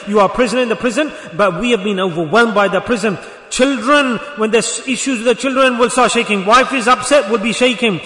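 A man's voice: very high voice, pushed and bright. A man giving a sermon, telling a story and putting rhetorical questions to his listeners. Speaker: preacher. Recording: echoey hall.

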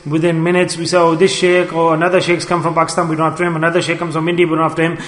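High-voiced preacher in an echoey hall. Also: male voice, completely flat delivery, a bit bright. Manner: earnest, pleading, slow emphatic repetitions. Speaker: Sufi preacher. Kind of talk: sermon to a gathering.

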